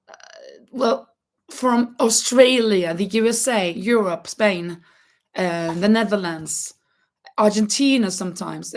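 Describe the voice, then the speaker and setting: A woman hosting a casual crochet chat, talking loosely with many fillers and restarts, her voice cracking now and then. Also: medium pitch. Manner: chatty, thinks aloud with many fillers and restarts. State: voice cracking, coughing. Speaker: livestream host.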